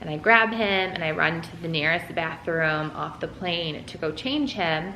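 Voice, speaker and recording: Young mom chatting while folding laundry, bright tone, echoey room w faint hum. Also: female voice, on the low side, a little slow. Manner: chatty, lots of "like" and "um". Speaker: vlogger. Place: room at home.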